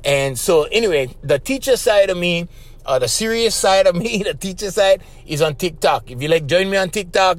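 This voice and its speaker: A man's voice: sits high, animated, moderate pace. A middle-aged man from Hawaii with a Hawaiian Pidgin accent, hosting a podcast in a rambling, casual storytelling way, repeating his words and chuckling often. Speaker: podcast host.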